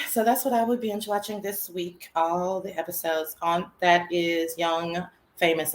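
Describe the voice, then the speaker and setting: A woman whose voice sits low hosts her own live chat show. She chats casually, sassy and slangy, getting excitable and letting out shrieking laughter in bursts.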